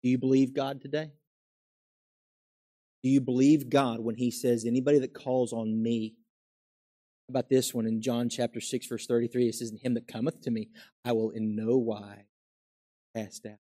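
Pastor guy preaching, mid voice, goes from soft to loud and emphatic. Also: mid-range voice, level tone, normal speed, pauses often. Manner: emphatic preaching, swinging from soft asides to loud raised exclamations. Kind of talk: sermon.

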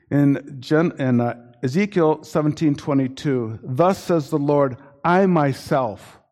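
A man preaching a sermon in an earnest, warning tone, often stopping and restarting mid-sentence. His voice sits at a middling pitch for a man. It rings out in a large church hall with a long reverb. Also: darkish tone. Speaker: pastor.

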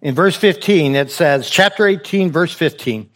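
Man, pastor, sermon, exhorting, repeated phrases, rhetorical questions, fairly high voice. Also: moderate pace, a bit bright.

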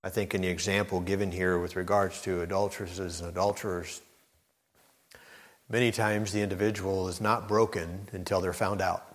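A man's voice: sits low, little pitch movement, moderate pace. A male preacher giving a sermon, addressing the congregation directly with emphatic, building intensity. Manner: preaching with surging intensity, rising to near-shouted emphasis. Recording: long hall reverb.

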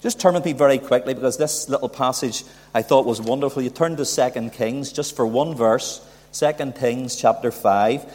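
Animated preacher in a reverberant hall. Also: male voice, medium pitch, normal speed. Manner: animated, rising emphasis and rhetorical questions. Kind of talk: sermon.

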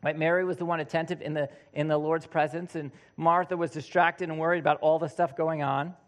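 A man's voice: on the high side, fairly quick. A man preaching a conversational sermon, now and then acting out what people in his examples say. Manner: conversational, animated, acts out quoted voices.

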